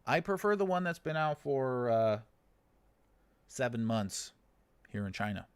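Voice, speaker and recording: A man's voice: mid-range voice, big pitch swings, unhurried, clean tone, dry recording. An American man in his thirties living in China, hosting a casual livestream, reading viewer comments with dry, sarcastic humor and chuckles. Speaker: livestream host.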